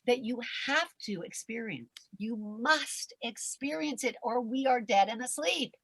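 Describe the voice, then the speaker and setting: A woman's voice: on the high side, animated, a little slow, creaky, husky, no room sound. Brief: older woman, veteran stage performer, theatrical motivational speaker on a video call. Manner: theatrical, acts out quoted voices, swings from loud to hushed. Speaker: guest performer and coach. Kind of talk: animated motivational talk.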